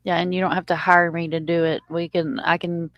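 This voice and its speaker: A woman's voice: lowish voice, little pitch movement, fairly quick, vocal fry, no echo, muffled recording. A woman hosting a livestream, chatting loosely with jokes and casual swearing. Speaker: channel host.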